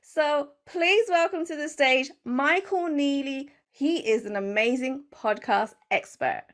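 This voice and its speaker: A woman's voice: sits high, measured pace, fairly bright tone. A woman hosting a podcast interview, talking in an effusive, gushing way about her guest. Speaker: podcast host. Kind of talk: enthusiastic interview chat.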